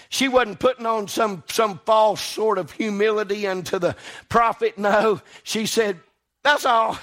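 Male preacher, high-pitched, fervent sermon delivery with loud peaks and soft drops. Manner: impassioned, swings from loud exclamation to quiet asides.

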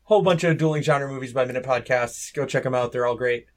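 A man's voice: medium pitch, fast talker. A man co-hosting a podcast, chatting casually with wry, joking asides. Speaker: podcast co-host. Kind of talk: casual chat.

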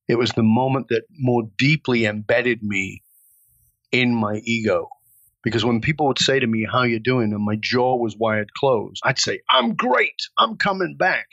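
A man's voice: medium pitch, a bit bright, dry recording, muffled recording. A man telling a personal story with intense, dramatic delivery as an interview guest.

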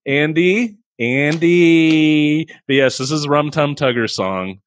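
A man co-hosting a casual comedic film review, ranting with profanity and sudden high-pitched outbursts of exasperation. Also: moderate pace, fairly bright tone. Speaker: podcast co-host.

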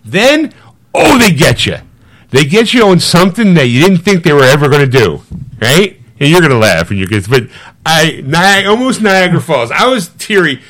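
A middle-aged man co-hosting a podcast, retelling a movie in casual chat with animated, swearing storytelling that acts out other people's lines. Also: on the high side, normal speed. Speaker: podcast co-host.

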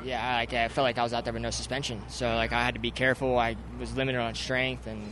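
A man's voice: medium pitch, level tone, fast. A man, a motocross racer, speaking frankly and critically of himself in a post-race interview outdoors at a race track. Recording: noisy outdoor track recording.

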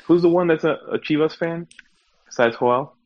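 A man from the US East Coast chatting casually on a podcast, teasing and quick, with lots of "like". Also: a little high, dry recording, dull audio. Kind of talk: casual chat.

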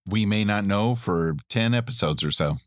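Middle-aged male podcast co-host, low voice, dry close mic, rambling casual chat. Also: normal speed, no room sound. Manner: chatty, rambling, laughs often.

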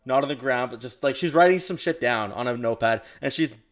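A young man hosting a podcast, telling a dating story in animated casual chat and swearing often. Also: medium pitch, a little fast. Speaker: podcast host.

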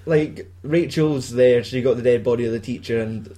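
A man's voice: mid-range voice, moderate pace, dark tone. A Scottish man in casual chat, recapping a film with lots of swearing and laughter and acting out bits of its dialogue. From Scotland.

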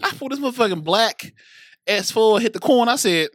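A young adult man co-hosting a podcast, chatting casually in an animated, profane way that rises to excited outbursts. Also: high-pitched, brisk, no room sound, clean studio sound. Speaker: podcast co-host. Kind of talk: casual chat.

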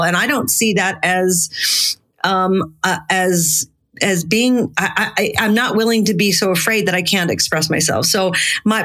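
A woman's voice: mid-range voice, fairly bright tone. A middle-aged woman speaking as an interview guest, talking frankly and earnestly, now and then swearing for emphasis. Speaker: interview guest, bereaved mother and grief researcher. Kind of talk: candid conversational interview.

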